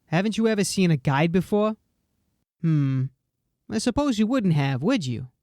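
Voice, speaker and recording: A teasing little furred creature guide, as a woman reads him aloud, chatty and soft-spoken. His pitch swoops up and down in a lively, sing-song way. The audiobook sound is close and dry. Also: normal speed, dry recording, natural voice. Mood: teasing, musing. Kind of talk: audiobook character voice.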